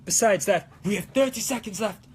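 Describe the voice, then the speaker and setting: A man's voice: sits high, brisk, a little hiss or hum, voice pushed up, natural voice. Man putting on a hammy Italian accent. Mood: playful. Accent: put-on Italian. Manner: theatrical, rambling, sing-song. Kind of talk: livestream chat in character.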